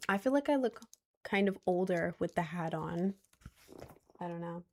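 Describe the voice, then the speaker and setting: A woman's voice: lowish voice, lively intonation, normal speed, a little mellow, slight background noise. A woman of twenty chatting casually on a stream, answering viewer questions in a rambling, giggly way with lots of restarts. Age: 20s.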